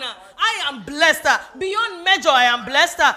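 Very high, bright-voiced fervent woman preacher. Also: lively intonation, moderate pace. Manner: rhythmic declarations punctuated by "uh"; swells to shouting, then drops to hushed prayer. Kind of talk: fervent sermon and prayer.

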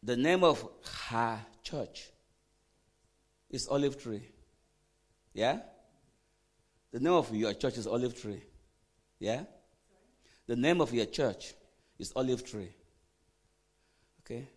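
A man preaching a sermon, quizzing the congregation with questions and swinging from quiet asides to loud emphatic bursts. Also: mid-range voice, takes it slowly, pauses often. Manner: animated preaching, call-and-response questions to the congregation. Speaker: pastor.

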